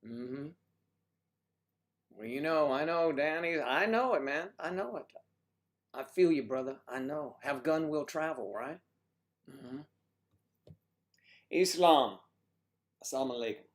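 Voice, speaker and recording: A man hosting a casual livestream reads out viewer comments and chats, teasing people and calling them honey and sweetie. His voice is on the high side, expressive and unhurried, with frequent pauses.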